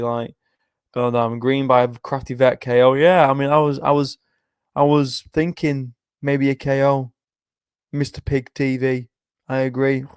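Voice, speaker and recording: A young man talks loosely and casually at a middle pitch, swearing freely and reacting to a live chat. He sounds worn out and yawns between points. His voice is close and dry, with no room sound. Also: clear, resonant tone, no echo. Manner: chatty, swears often, reads chat aloud. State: tired, yawning. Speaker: livestream host making fight predictions.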